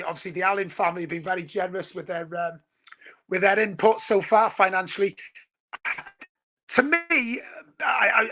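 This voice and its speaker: A man from Wales in his forties, a football fan talking on a video call, excitable and rambling, calling everyone mate. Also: sits high. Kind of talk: casual podcast chat.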